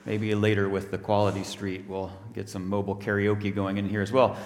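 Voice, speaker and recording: A man's voice: fairly low pitch, level tone, a little fast. A man, a minister giving a friendly children's talk during a church service. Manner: friendly, explaining. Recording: echoey church hall.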